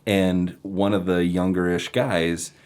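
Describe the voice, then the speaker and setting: A man with a very deep, low voice hosts a relaxed podcast chat. He tells his stories in an animated way and breaks into laughter often. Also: slow pace, clear, resonant tone. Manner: animated storyteller, laughs easily. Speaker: podcast host. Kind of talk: casual podcast interview.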